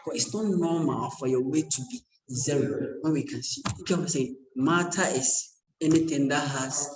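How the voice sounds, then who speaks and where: A man speaks at a moderate pace in a slightly high voice, giving a conversational, joking university lecture and checking in with his students time and again. The echoey lecture room has some background noise.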